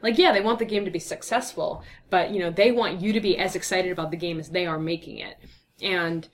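A woman's voice: lowish voice, a little fast. A young woman answering interview questions in a chatty, upbeat way with lots of fillers, her voice tired and a bit slurred from talking all day. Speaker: guest.

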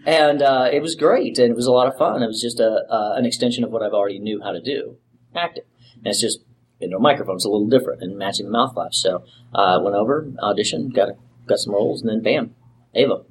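A man's voice: fairly low pitch, slight background noise. A voice actor being interviewed, a man who talks in a playful, joking way and laughs easily. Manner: playful, jokey, quick to laugh. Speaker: voice actor guest. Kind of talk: casual interview chat. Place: convention.

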